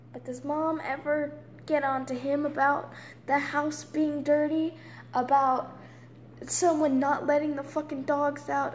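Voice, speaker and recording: A young woman in her late teens venting in an angry, profane rant, swinging between loud outbursts and hushed whispers. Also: sits high. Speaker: vlogger. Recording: roomy echo with faint background noise.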